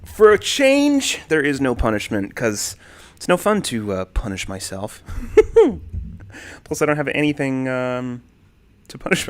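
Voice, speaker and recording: In a dry recording from a desk condenser mic, a young man with a mid-range voice hosts a casual livestream at home. He reads the chat, calls out viewers by name, and stays laid-back apart from some animated swings.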